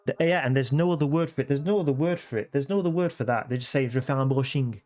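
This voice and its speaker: Speaking very fast in a slightly mellow voice on the high side, a man livestreams from a home room at his computer. His casual chat is talkative, with repeated phrases and frequent self-corrections.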